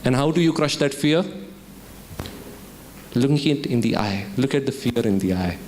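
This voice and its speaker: In a student summit's lecture hall, an Indian keynote speaker motivates the audience through storytelling and questions. His mid-range voice has lively intonation and a darkish tone, moving at a moderate pace over slight background noise.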